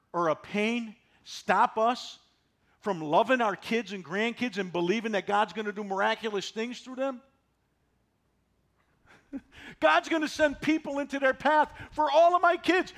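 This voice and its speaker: A man in his sixties preaching a sermon, folksy and animated, driving points home with repetition. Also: very high-pitched. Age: 60s. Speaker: pastor.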